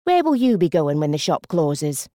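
A woman voicing a chatty, self-satisfied elderly customer who speaks sagely and slowly. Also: deep voice, sing-song, warm tone, no room sound, clean studio sound. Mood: prim. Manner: sage, self-satisfied, slow.

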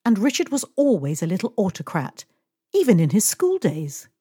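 A woman's voice: mid-range voice, huge pitch swings, moderate pace, mellow, breathy edge, no room sound, clean studio sound. A woman reading aloud, voicing a languid, fussy wealthy middle-aged lady who complains and gives orders to her employee. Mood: languid, complaining. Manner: languid and complaining, a little imperious.

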